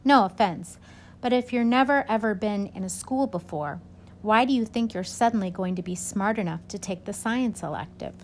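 A woman's voice: mid-range voice, normal speed, slight background noise, natural voice. A woman voicing a rude schoolboy who talks in a sarcastic, needling way.

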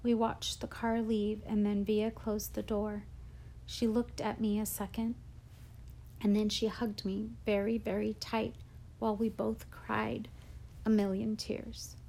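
A woman reading a children's novel aloud in a gentle, emotional storytelling manner. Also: medium pitch, little pitch movement, a little slow, gravelly. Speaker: audiobook narrator. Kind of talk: audiobook reading.

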